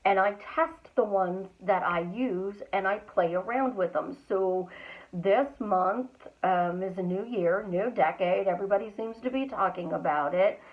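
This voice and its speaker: A woman's voice: medium pitch, a little slow. A middle-aged woman hosting a podcast, giving an upbeat motivational talk and stretching out her words for emphasis. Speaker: podcast host and manifesting coach. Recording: tinny phone-like audio.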